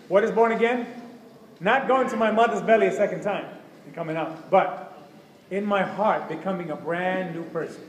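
A man's voice: high voice, normal speed, slight background noise. A man preaching a sermon with fervor, acting out prayers and the voices of others as he speaks. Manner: fervent, acts out prayers and voices. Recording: echoey hall with faint ambience.

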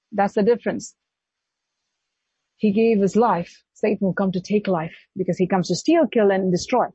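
A woman preaching a sermon, her voice swinging from high exclamations to low hushed emphasis. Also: breathy edge, no echo, lo-fi sound.

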